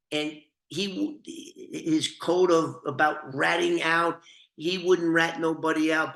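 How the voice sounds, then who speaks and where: A man's voice: a little high, fairly bright tone. An older man, a former informant, telling a true crime story in a profane, rambling, conversational way. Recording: roomy echoey room.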